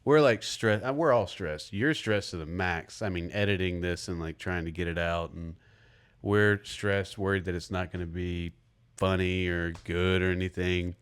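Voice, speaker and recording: A man's voice: low-pitched, steady tone, moderate pace, clean tone. A young man co-hosting a podcast, chatting casually and telling rambling stories with frequent laughter. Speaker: podcast co-host. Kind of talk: casual chat.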